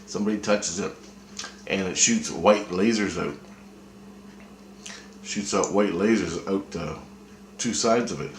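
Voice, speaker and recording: Speaking at a measured pace with many pauses, a low-voiced man tells about a dream he had in a casual, meandering way. He swears and restarts frequently, and the room sounds echoey with a bit of faint noise.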